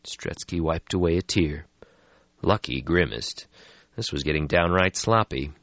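A man narrating a story as an audiobook reader, in a measured, expressive way. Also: very deep voice, no room sound. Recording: slightly muffled lo-fi audio.

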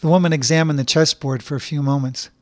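A man's voice: fairly high pitch, fairly even intonation, quick pace, no room sound. Man narrating a story, dry close sound. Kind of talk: scripted narration.

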